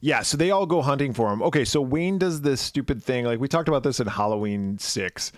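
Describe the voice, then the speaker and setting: A man co-hosting a podcast recaps a film in loose, profane chat, tossing in little voiced asides as he goes. His voice sits at an ordinary middle pitch. It is recorded dry and close, with no room sound. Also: no echo. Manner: swearing, animated retelling with quick voiced asides. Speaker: podcast co-host. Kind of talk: casual movie recap chat.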